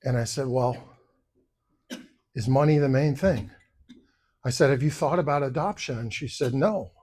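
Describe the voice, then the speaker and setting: A man's voice: mid-range voice, moderate pace, mellow. A man running for office, giving a campaign speech at a luncheon and telling personal stories, acting out the other people's lines as he quotes them. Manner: storytelling, acting out quoted voices. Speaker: political candidate. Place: luncheon event room.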